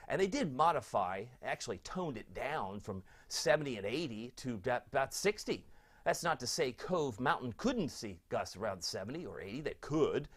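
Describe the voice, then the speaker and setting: A middle-aged man, a TV weatherman, chatting through a live forecast and reading out viewer comments in a sentimental, easily moved way. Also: medium pitch.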